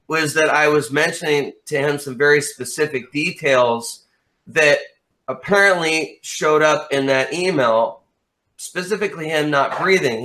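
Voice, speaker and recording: A man as an interview guest in casual chat, telling a story in an animated way and swearing freely. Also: fairly high pitch.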